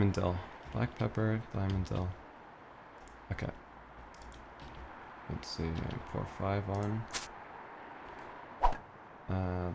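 A man's voice: medium pitch, slight background noise. A young man streaming a cooking game, talking to himself in a frantic, swearing rush and breaking into panicky outbursts. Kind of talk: gameplay commentary.

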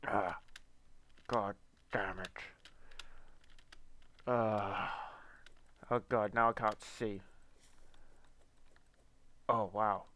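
A man's voice: on the low side, steady tone, very slow, long pauses, bright, forceful tone. A young man playing a video game at his computer, muttering to himself, swearing and breaking into panicky outbursts. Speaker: gamer. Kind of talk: let's play commentary.

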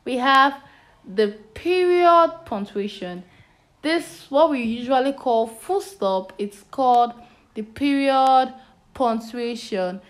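A woman's voice: high voice, lively intonation, slow pace. A woman with a Nigerian English accent teaching a children's lesson on phonics and punctuation. She asks "what?" and then answers her own question.

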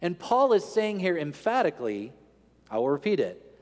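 A man's voice: high-pitched, sing-song, normal speed, a little mellow. A man preaching a sermon in an earnest teaching tone, asking rhetorical questions. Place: large church sanctuary. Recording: long church reverb.

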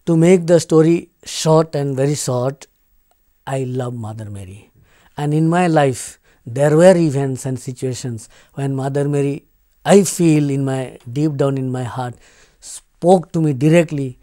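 A man, an archbishop being interviewed, speaking earnestly and softly, with halting phrasing. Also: medium pitch, no echo, studio quality. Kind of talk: personal testimony in an interview.

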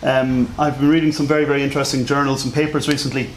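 A man's voice: medium pitch, flat delivery, fast, a little hiss or hum. A man with a noticeable accent giving a conference lecture, chatty and self-deprecating, with many fillers. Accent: non-standard English accent. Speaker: conference speaker.

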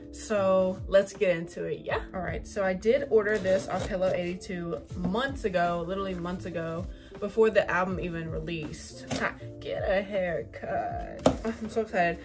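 A young woman hosting an excited unboxing vlog, gushing and swearing freely, squealing when excited. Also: mid-range voice. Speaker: vlogger.

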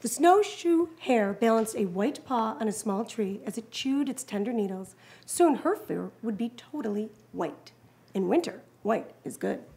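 A woman reading a children's picture book aloud to a child, animated and encouraging. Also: fairly high pitch, unhurried, gravelly.

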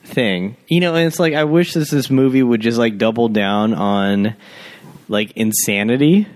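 A man's voice: mid-range voice, moderate pace. A man co-hosting a podcast, chatting about a movie with dry, wry remarks. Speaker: podcast co-host. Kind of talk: casual movie-review banter.

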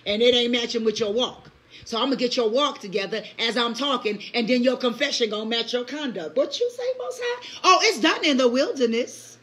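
A woman preacher delivering an impassioned live-streamed sermon. She speaks in the first person as God, throws in call-and-response asides, laughs often, and swings from loud outbursts to hushed lines. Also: a little high, animated, brisk. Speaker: preacher leading early-morning prayer.

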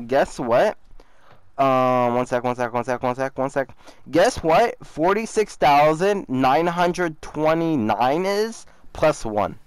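A young man with a slightly high, smooth voice and lively intonation talks at a slow pace in a dry recording. A YouTuber trolling a scammer, he chats casually while gaming, mocking the other player, repeating himself, and saying "bro" a lot.

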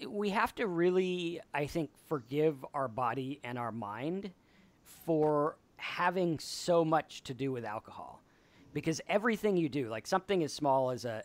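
A man hosting a casual chat about staying sober, telling stories and acting out quotes. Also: mid-range voice. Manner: animated storyteller, acts out quotes. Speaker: podcast host.

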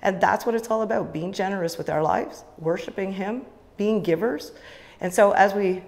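A woman's voice: medium pitch, moderate pace, creaky, darkish tone. Enthusiastic woman in a reverberant church. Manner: enthusiastic, with many fillers. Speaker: church leader giving the offering talk. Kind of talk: casual church talk to a congregation. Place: church sanctuary. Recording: long church hall reverb.

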